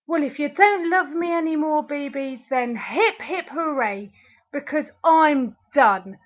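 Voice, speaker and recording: A woman's voice: high voice, expressive, unhurried. A young woman recording an angry video diary at home, ranting, sarcastic and swearing, close to tears at times. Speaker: video diarist. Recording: dull lo-fi webcam audio.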